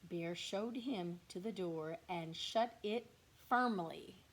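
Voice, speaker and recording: A woman teacher reading a picture book aloud to young children, slow and expressive, with whispered asides to the class. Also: lowish voice. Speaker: kindergarten teacher.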